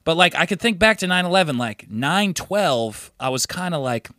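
A man's voice: on the high side, animated, moderate pace, sharp tone, no room sound, clean studio sound. A young man co-hosting a podcast, talking in a jokey, easygoing way. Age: young adult. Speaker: podcast co-host. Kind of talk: casual podcast chat.

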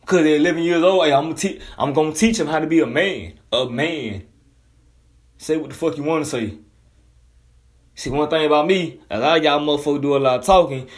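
A man's voice: on the high side, fast talker. Blunt, profane man ranting. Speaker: commentator. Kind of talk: casual monologue rant.

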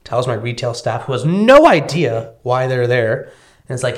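A man's voice: mid-range voice, moderate pace. A man, a bakery owner, chatting casually on a podcast and acting out the people in his stories. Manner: animated storyteller, acts out quoted people. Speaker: guest, bakery and edible business owner.

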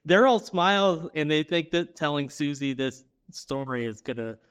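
Easygoing man, slightly high voice. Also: moderate pace, clean tone. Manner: relaxed, laughs while retelling scenes. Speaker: podcast co-host. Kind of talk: casual chat recapping a TV episode.

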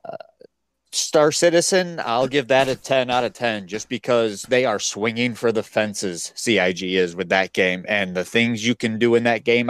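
A man's voice: fairly low pitch, a bit bright, no room sound. A man in casual podcast chat, blunt and opinionated, rating games. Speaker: podcast co-host.

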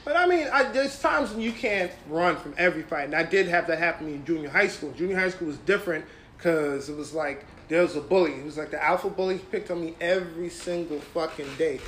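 A man co-hosting a casual talk show, telling childhood stories in an animated way and acting out the voices of people he quotes. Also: on the high side, brisk, slight background noise. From Trinidad. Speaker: podcast co-host. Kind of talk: casual storytelling. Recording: echoey room.

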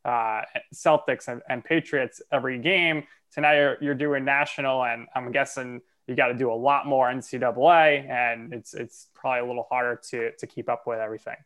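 A man co-hosts a podcast interview. He asks long, halting questions at an ordinary pitch. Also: fairly even intonation, fairly bright tone. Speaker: podcast co-host.

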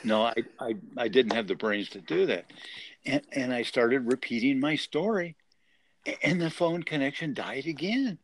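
A man's voice: mid-range voice, normal speed. A man in his sixties earnestly telling a personal survival story as an interview guest. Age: 60s. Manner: earnest, emotional retelling.

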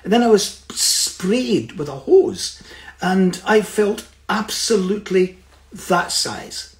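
High-voiced middle-aged man telling his story. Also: animated, takes it slowly. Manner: earnest, reflective, with rhetorical check-ins. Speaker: speaker. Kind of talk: personal storytelling talk. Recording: roomy echo.

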